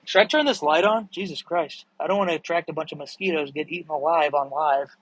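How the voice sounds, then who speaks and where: Excitable young man rambling on a livestream. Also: a little high, a little fast, husky, no echo, lo-fi sound. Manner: rambling, excitable, swears freely. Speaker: livestream host answering viewer questions. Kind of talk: casual live chat.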